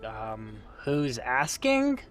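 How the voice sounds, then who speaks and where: A man's voice: medium pitch, huge pitch swings, drawn-out words, soft background music, voice pushed down, exaggerated voice. A man voicing a young female street thief who is guarded and defiant.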